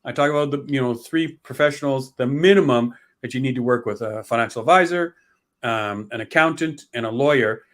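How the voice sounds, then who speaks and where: A man who writes about estate planning appears as a guest author in a conversational interview, speaking at a mid-range pitch, a little fast and a bit bright. He rambles, often starts his sentences over, and acts out the complaints of heirs.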